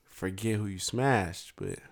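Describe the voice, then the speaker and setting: A man's voice: fairly low pitch, slow pace. A man hosting a casual chat, mostly giving short laid-back replies.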